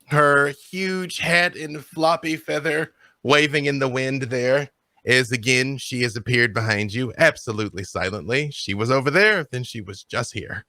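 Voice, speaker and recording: A man's voice: medium pitch, moderate pace, sharp tone, no echo, clean studio sound. A man running a tabletop game as game master, narrating scenes dramatically.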